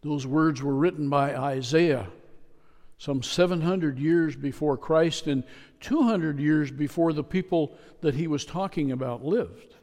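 A man preaching a sermon in a church, speaking in a measured, repetitive way with emphatic pauses. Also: on the high side, a little mellow. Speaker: pastor. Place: church sanctuary. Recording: long reverb of a church hall.

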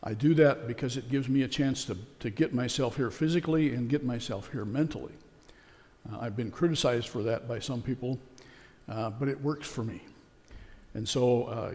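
A man's voice: mid-range voice, a little mellow. A man preaching a sermon as pastor. He speaks in a folksy, conversational way with a few fillers. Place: church. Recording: long church reverb.

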